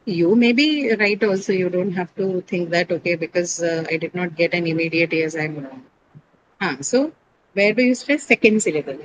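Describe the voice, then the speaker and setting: A woman's voice: on the low side, moderate pace, slight background noise, rough recording. A woman teaching English stress rules over a video call, explaining patiently, quizzing her students and often checking with "right?". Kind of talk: online class lecture.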